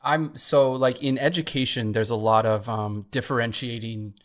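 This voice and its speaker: A man with a mid-range voice co-hosts a casual podcast. He talks earnestly and works his way through his points, often pausing with "um" and "like." His delivery is relaxed and conversational. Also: mid-range voice. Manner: earnest, with fillers. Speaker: podcast co-host.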